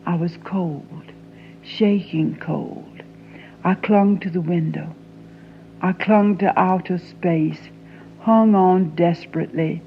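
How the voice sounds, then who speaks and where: Woman as an anguished young Southern daughter, intense, hushed whispers, low voice, very slow, dull lo-fi recording, faint hum. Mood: haunted. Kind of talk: dramatic monologue reading.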